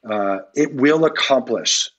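A male pastor talks on a podcast with a husky, breathy voice. He is earnest and leans on repetition to drive his points home, sitting at a middle pitch for a man. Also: expressive, slow pace, fairly bright tone. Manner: earnest, repeats key phrases for emphasis. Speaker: pastor, guest. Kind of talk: podcast interview.

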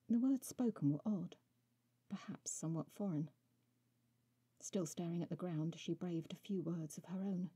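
A woman author reading her own short story aloud in a soft, measured way. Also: fairly low pitch, husky, no echo. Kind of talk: storybook narration.

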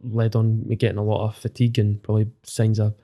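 A footballer guest on a podcast, this Scottish man in his thirties swears often and speaks openly and emotionally. His warm, lowish voice comes out fast in a completely flat delivery.

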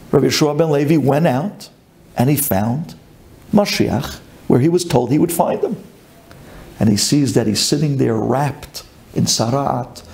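A man, a rabbi, giving a dramatic storytelling sermon, chanting lists and swinging between high and low. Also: gravelly, darkish tone.

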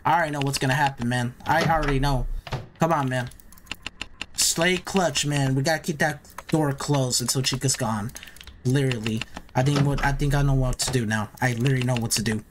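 A man's voice: mid-range voice, brisk, noisy background. Jittery young man playing a horror game. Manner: nervous, repeats himself, hypes himself up. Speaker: gaming YouTuber.

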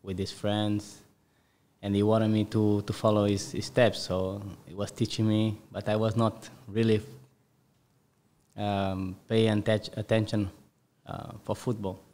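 A man, a podcast guest telling a childhood football story in halting English with many self-corrections. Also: fairly low pitch, level tone, a little mellow. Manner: halting non-native English, lots of self-repair. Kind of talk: casual storytelling.

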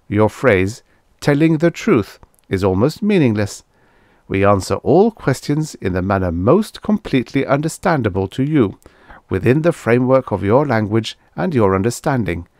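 A man voicing a calm, formal alien oracle machine that speaks in measured, unhurried sentences. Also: mid-range voice, no echo, studio quality.

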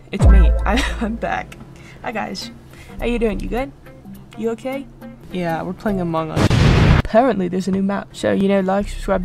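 A young woman giving chatty, excitable commentary while playing a game, often giggling. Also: medium pitch. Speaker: gaming streamer. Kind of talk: casual gameplay commentary. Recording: clear music behind voice. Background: game music.

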